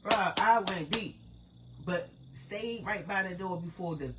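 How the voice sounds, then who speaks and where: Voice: mid-range voice, unhurried, fairly bright tone, a little hiss or hum. A person in their forties, hosting their own channel, talking to viewers in a casual, profane, rambling spiritual monologue. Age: 40s. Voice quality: profane, rambling, streetwise talk.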